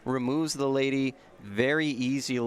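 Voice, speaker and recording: A man giving steady, analytical commentary on a card game tournament match. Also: mid-range voice, unhurried, smooth.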